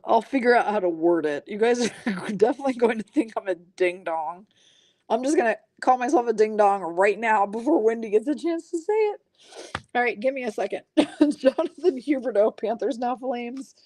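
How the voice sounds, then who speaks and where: A woman's voice: a little high, expressive, moderate pace, darkish tone, dry recording. A woman hosting a live card break stream, calling out cards and reading the chat in a chatty, self-mocking way, often breaking into giggles. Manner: giggly, keeps breaking into laughter.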